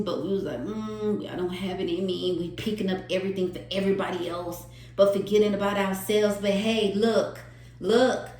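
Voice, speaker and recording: A woman's voice: medium pitch, a little mellow, echoey room, poor audio. A woman giving an emotional, earnest tarot reading to her viewers, repeating phrases for emphasis. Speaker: tarot reader.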